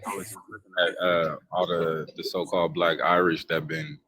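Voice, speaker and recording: A man's voice: low-pitched, level tone, moderate pace, crowd noise. A laid-back man in a casual group chat, explaining his point and saying "bro" often.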